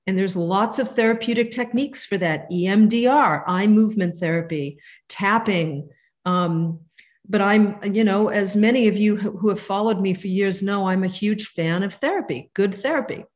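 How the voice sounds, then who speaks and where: A woman in her fifties teaching a meditation lesson over a video call, gentle and conversational. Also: mid-range voice, normal speed. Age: 50s. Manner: warm, gentle, conversational with soft asides. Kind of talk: live online teaching.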